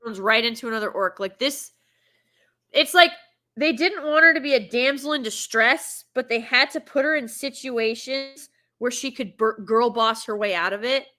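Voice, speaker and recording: Bright-voiced sarcastic woman reviewer. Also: fairly high pitch, moderate pace. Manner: sarcastic, exasperated ranting. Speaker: film reviewer. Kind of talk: casual film reaction commentary.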